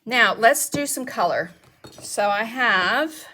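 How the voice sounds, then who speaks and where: A woman's voice: a little high, lively intonation, slow, bright, forceful tone. A woman, chatting casually as she demonstrates mixed media art techniques and answers viewers' questions. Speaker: craft instructor. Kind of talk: casual live craft demonstration.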